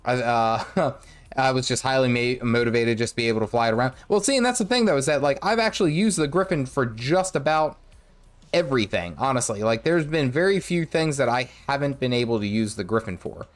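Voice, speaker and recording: Animated streamer man with a sore throat. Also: medium pitch, fairly quick. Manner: rambling, self-correcting, hums and sings nonsense to himself. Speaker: gaming streamer. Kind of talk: casual live-stream commentary while playing.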